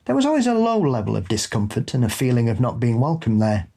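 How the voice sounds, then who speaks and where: A man co-hosts a ghost story podcast, chatting casually and reading listener stories in a dry, unhurried manner. His medium-pitched voice is gravelly and warm, with huge pitch swings.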